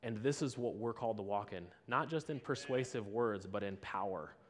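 Animated man preaching through a story. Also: on the low side, normal speed. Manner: animated storyteller acting out both sides of a conversation. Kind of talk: storytelling sermon.

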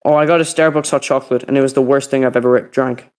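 A man's voice: mid-range voice, steady tone, fast, a little mellow, clear, resonant tone. A teenage boy co-hosting a podcast, telling a rambling story in casual chat and acting out the people in it. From Northern Ireland. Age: teens. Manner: rambling storytelling, acts out quotes. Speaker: podcast co-host.

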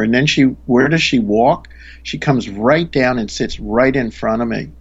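A man's voice: mid-range voice, measured pace, husky, muffled recording. A man, a spiritual teacher, earnestly telling a story in a conversation, often restarting his sentences.

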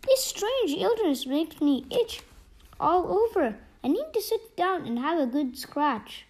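A woman's voice: extremely high pitch, big pitch swings, slow pace, a little mellow, voice pushed up, heavily acted. A woman voicing an old, fussy female sphinx with a quavery voice in a storybook reading. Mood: itchy, weary.

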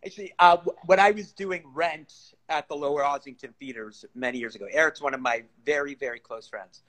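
A man's voice: fairly high pitch, a little fast, fairly bright tone. A man, a stage actor and podcast guest, chatting casually, laughing often and restarting his sentences. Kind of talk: casual chat.

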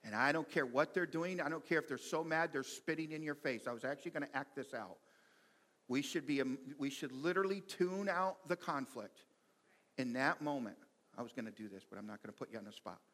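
A man preaching a sermon in a lively, conversational way, reading quotes and making asides to the congregation. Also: mid-range voice, moderate pace. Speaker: pastor.

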